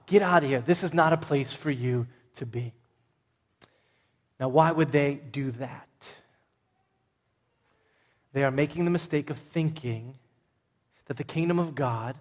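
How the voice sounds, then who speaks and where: A man preaching a sermon as pastor, emphatic, swinging from loud points to hushed ones. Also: on the high side. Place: large church sanctuary. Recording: long reverb of a large church hall.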